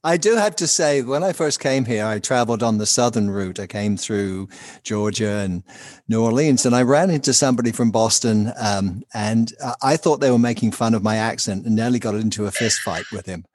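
A man's voice: lowish voice, normal speed, a little mellow, no echo. A man with a British accent, co-hosting a casual podcast chat with dry, self-mocking humor. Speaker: podcast co-host, divorce financial specialist.

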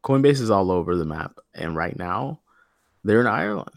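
A man's voice: deep voice, animated, moderate pace, vocal fry, dry recording, clean studio sound. A man co-hosting a podcast in casual chat, joking and swearing as he riffs on news. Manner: jokey, profane, reads news quotes aloud. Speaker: podcast co-host.

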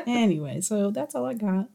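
A woman's voice: medium pitch, vocal fry, warm tone. A woman co-hosting a podcast, telling a story casually and laughing often. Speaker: podcast co-host.

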